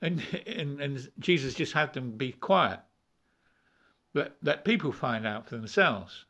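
A man's voice: medium pitch, expressive, unhurried, bright, forceful tone. A man preaching an informal, rambling sermon, repeating words and chuckling as he goes.

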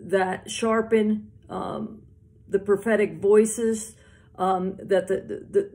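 A woman giving an informal sermon, earnest and gently encouraging, halting with many fillers and restarts as she prays and reads scripture. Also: mid-range voice. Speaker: prophetic ministry teacher.

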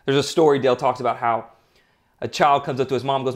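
A man's voice: mid-range voice, fairly even intonation, fast. A man hosting a podcast who gives an earnest, emphatic motivational talk and tells anecdotes. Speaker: podcast host.

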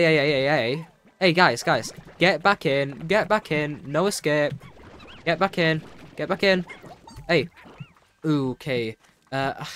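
A young man in casual gameplay commentary, excitable and chatty, talking to himself with lots of fillers. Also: medium pitch. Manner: excitable, chatty, full of fillers and self-talk. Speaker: gameplay streamer. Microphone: desk microphone with keyboard noise.

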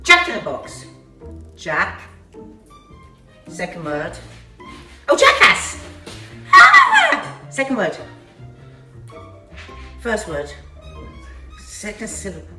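A woman's voice: lowish voice, animated, slow pace, pauses often, pushed and bright. Woman playing charades at home, chatty and laughing, sounds far off in an echoey room with some music. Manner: laughing, guessing aloud in bursts. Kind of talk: casual family chat. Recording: echoey room, mic from afar, music behind.

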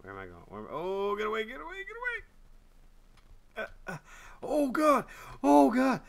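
Gamer host, male, bright and expressive, yelps then mutters, light music behind. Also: sits high, fast talker. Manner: excitable, swings from loud yelps to muttered grumbling; swears and trash-talks the game. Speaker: gaming channel host. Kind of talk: casual gameplay commentary.

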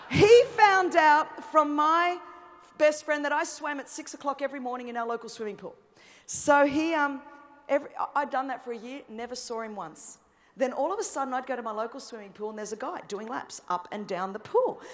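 High-voiced Australian woman preaching. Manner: animated, humorous storytelling; builds to shouted passion. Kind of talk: sermon.

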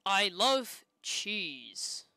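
A woman doing a goofy American guy in an overblown mock American accent. He talks loud and drags every word out slowly. The voice is bright and crisp, recorded close and dry. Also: medium pitch, sing-song, no room sound, full character voice. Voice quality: loud, slow, exaggerated. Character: goofy slow-talking American man.

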